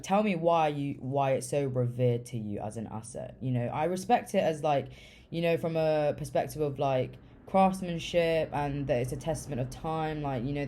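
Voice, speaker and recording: A woman's voice: rumbling low, dark tone. A young woman telling a story in a loose, casual way, full of swearing and fillers like "like". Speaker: vlogger.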